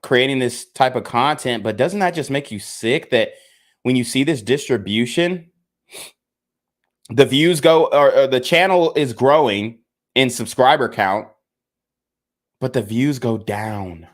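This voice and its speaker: Young male vlogger, fed-up and emphatic, mid-pitched voice, repeats points and curses. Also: a little slow. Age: young adult. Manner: frustrated, emphatic, repeats himself, swears. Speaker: content creator. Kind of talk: casual rant to camera.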